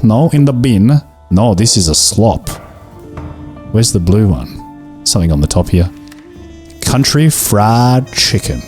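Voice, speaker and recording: A man hosting a gaming video, chatting casually and jokingly as he plays, talking to the game's characters with sudden bursts of excitement. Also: on the low side. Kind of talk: casual gameplay commentary.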